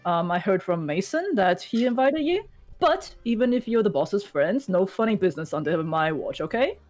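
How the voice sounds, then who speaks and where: A woman's voice: medium pitch, very animated, moderate pace, darkish tone, soft background music, close to an everyday voice. A woman voicing a stern middle-aged female casino manager with a curt, warning manner.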